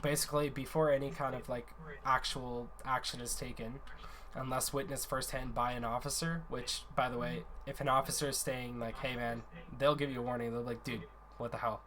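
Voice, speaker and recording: A man's voice: medium pitch, level tone, brisk, a bit bright, a little hiss or hum. A man in a casual voice chat, earnestly explaining a gaming community's conduct rules at length, often restarting his sentences.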